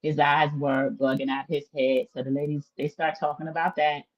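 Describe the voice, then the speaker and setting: A woman's voice: low voice, flat delivery, normal speed, dull audio. A woman hosting a casual livestream recap of a reality show, chatty and opinionated, talking straight to her viewers.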